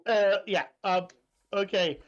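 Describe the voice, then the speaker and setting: High-voiced man on a dull mic. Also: takes it slowly. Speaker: podcast co-host. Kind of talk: casual chat.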